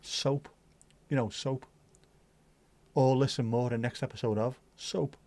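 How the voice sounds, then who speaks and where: A middle-aged man chats through a livestream, rambling from one topic to the next. His talk is loose and sweary, full of banter for the viewers. His pitch sits in the middle range. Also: fairly even intonation, unhurried, a little mellow, dry recording. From Liverpool, England. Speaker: livestream host. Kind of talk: casual chat reading viewer comments.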